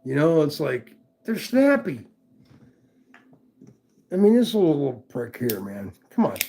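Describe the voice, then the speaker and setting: Gravelly casual knife-review streamer man. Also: fairly high pitch, wildly swooping pitch, measured pace, mellow. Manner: rambling, profane, chatty with viewers. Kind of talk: casual livestream chat.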